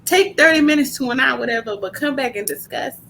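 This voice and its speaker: Woman podcast host, punchy and blunt, bright edge to the voice. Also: high-pitched, fast talker, creaky, slight background noise. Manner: blunt, animated storytelling with slang. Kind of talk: casual podcast chat.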